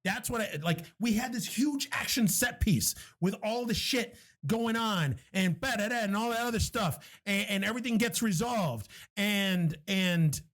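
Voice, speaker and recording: A young man co-hosting a podcast, chatting casually in an animated, joking way and swearing freely. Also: sits high, measured pace. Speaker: podcast co-host. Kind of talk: casual chat.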